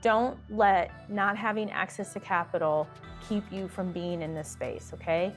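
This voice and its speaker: A woman's voice: mid-range voice, fairly even intonation, normal speed, faint music behind. A woman coaching small-business owners straight to camera, stressing points by repeating words and cheering viewers on. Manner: addresses viewers as "y'all". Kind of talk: direct-to-camera advice video.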